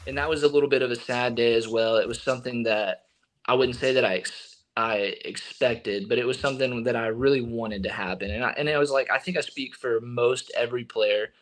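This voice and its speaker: Young man telling a lively story. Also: mid-range voice, fairly quick. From Texas. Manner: animated storyteller, acting out quotes. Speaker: baseball pitcher guest. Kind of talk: casual interview.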